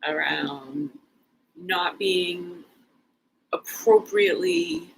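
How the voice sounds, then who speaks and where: A woman delivering a rambling solo video monologue as a posture and movement educator. She is excitable and often trails off into hushed asides. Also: lowish voice, extremely slow, gravelly, a little hiss or hum, low-quality recording.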